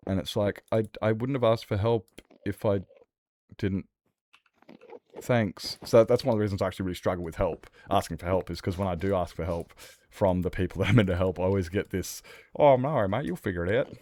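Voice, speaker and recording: A man's voice: sits low, fairly even intonation, brisk, mellow. A young man streaming, talking candidly in a rambling, sweary, casual way. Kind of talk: casual livestream chat.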